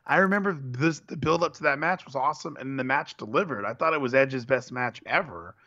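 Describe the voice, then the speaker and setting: A man's voice: medium pitch, fairly quick, sharp tone. A man co-hosting a casual wrestling chat as an earnest fan, reeling off facts and correcting himself. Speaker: podcast co-host. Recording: dull lo-fi sound.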